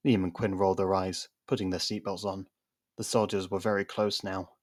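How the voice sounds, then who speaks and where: A man's voice: deep voice, normal speed, no echo, studio quality. A man narrating a fan-made science fiction story and reading every character's lines. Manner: reads all parts, lively character voices. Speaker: narrator and audiobook-style reader. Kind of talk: scripted narration of a fan audio drama.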